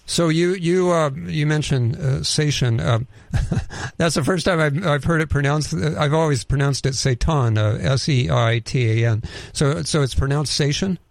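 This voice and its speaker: A man hosting an interview, conversational and opinionated, with quick asides. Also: on the high side, vocal fry, no room sound. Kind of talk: interview host.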